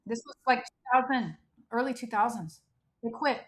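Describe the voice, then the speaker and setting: A middle-aged woman from the United States telling her life story as a guest in an interview, animated and emphatic, acting out what people said. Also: a little high, moderate pace. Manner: animated, emphatic, frequent "like" and quoted dialogue.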